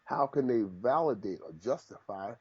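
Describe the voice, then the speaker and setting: Husky-voiced man telling boxing stories. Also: medium pitch, normal speed, highs cut off. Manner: animated storyteller, repeats phrases. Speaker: boxing trainer guest. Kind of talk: casual storytelling interview.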